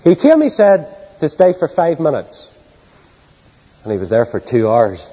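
A man's voice: wildly swooping pitch, a little slow, slightly rough. Impassioned preacher, man, echoing hall. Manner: impassioned, soaring to loud high peaks then dropping low and quiet; rhetorical questions to the congregation. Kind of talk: sermon.

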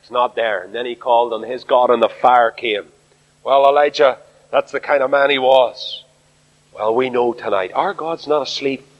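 A man's voice: mid-range voice, normal speed. An Irish man preaching a sermon, emphatic and speaking straight to his congregation. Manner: emphatic, addresses the congregation directly. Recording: dull recording in a reverberant hall.

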